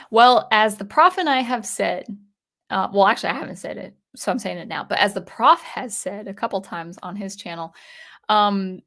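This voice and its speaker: A woman's voice: mid-range voice, fairly bright tone. A young adult woman hosting a casual livestream, reading chat comments aloud in a chatty, hesitant way with many fillers and restarts. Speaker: livestream host.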